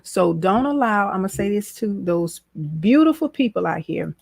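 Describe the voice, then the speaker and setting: A woman's voice: mid-range voice, animated, normal speed, creaky, darkish tone, dry recording. A woman hosting a casual motivational livestream, talking in a preachy, folksy way and repeating lines for emphasis. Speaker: business strategist, livestream host.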